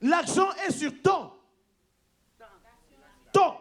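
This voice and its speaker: A man preaches in short bursts and waits while an interpreter repeats him, his voice very high. He shouts often and slips into French now and then. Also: animated, fairly quick. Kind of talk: interpreted sermon.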